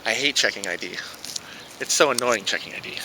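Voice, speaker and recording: A man vlogging from his car in a parking lot, ranting sarcastically and swearing, breaking into mocking high yells. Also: animated, a little fast, slight background noise. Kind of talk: casual vlog ranting while driving.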